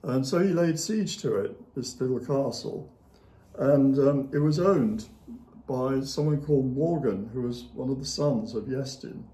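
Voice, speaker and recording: A male author, appearing as an interview guest, retells history in a rambling, anecdotal way full of fillers and little chuckles. His mid-range voice is dark in tone and unhurried. It's a casual storytelling conversation recorded in an echoey room.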